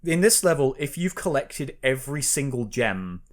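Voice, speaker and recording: A man's voice: medium pitch, moderate pace. A man co-hosting a podcast, chatting casually and animatedly about an old video game, laughing often. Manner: animated, laughs often, puts on a newscaster voice at times. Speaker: podcast co-host. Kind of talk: casual chat about games.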